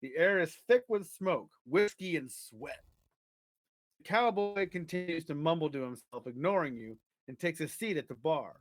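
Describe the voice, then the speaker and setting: A man's voice: on the high side, moderate pace, no echo. A man co-hosting a podcast, chatting casually and reading an adventure story aloud to listeners. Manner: casual banter, reads the story aloud at an even pace.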